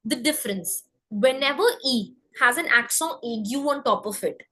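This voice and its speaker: A woman teaching French pronunciation, saying example words slowly so learners can repeat after her. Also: on the high side, expressive, pushed and bright, rough recording. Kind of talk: pronunciation lesson.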